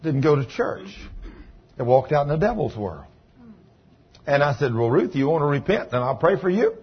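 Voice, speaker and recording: A man preaching a sermon, telling healing stories in a folksy way that moves from hushed retelling to loud praise. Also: on the high side, very animated, moderate pace, slightly rough. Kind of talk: sermon storytelling. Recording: dull lo-fi recording with faint noise.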